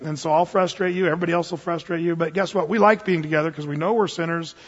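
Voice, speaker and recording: Husky high-voiced male pastor preaching. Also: steady tone, fast. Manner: conversational, joking preaching with sudden emphatic bursts. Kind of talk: sermon. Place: church sanctuary. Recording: muffled, long reverb in a hall.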